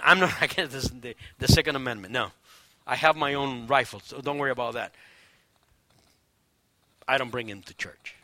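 A man preaching a sermon, telling a story with energy and acting out the people in it, swinging from loud declarations to hushed near-whispers. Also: medium pitch, no room sound. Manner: animated storytelling, acts out quoted voices. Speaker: pastor.

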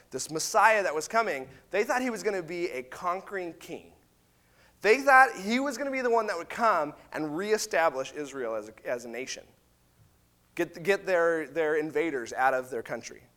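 A man giving a casual, chatty Bible talk, retelling the story and acting out the people's voices. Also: sits high. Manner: animated, chatty, acts out voices.

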